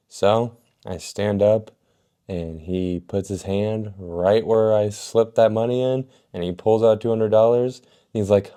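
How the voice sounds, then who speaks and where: A man's voice: lowish voice, fairly even intonation, normal speed, dark tone. A young man casually telling a story about himself, swearing a lot and poking fun at himself. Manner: casual, profane, self-mocking.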